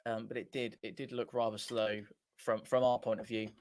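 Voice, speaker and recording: Speaking at a moderate pace in a fairly low, darkish voice with a level tone, a man runs a fan watchalong from his small home studio. There's no room sound as he rambles through chatty live match commentary, frequently correcting himself.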